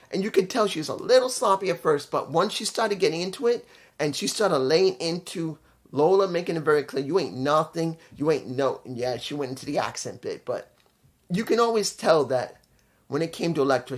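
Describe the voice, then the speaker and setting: A host giving a loose, casual video review, blunt and opinionated, often stumbling over names and correcting themself. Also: medium pitch.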